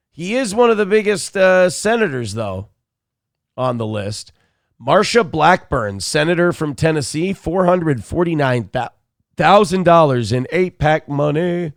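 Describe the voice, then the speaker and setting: Cranky, gravelly morning show host. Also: male voice, on the high side, no room sound, studio quality. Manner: crude, cranky, mocking impressions. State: sick. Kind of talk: profane live-stream commentary.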